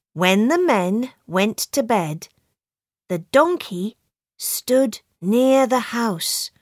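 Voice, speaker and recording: A woman reads a simple storybook for learners at an extremely slow, careful pace. Her pitch moves up and down with plenty of expression. The studio recording is dry and close. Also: dry recording. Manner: very slow, clear, expressive reading. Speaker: narrator. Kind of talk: scripted storybook narration for language learners.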